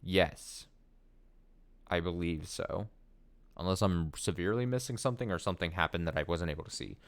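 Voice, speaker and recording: A man's voice: low voice, moderate pace. A young man streaming a video game, chatting casually and wondering aloud as he reads in-game text. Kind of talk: casual gameplay commentary, reading text aloud.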